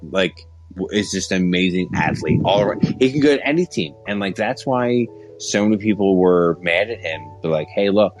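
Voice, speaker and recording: A man's voice: deep voice, expressive, moderate pace, faint music behind, poor audio. A man hosting a podcast, talking sports in a casual, earnest and rambling way. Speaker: podcast host.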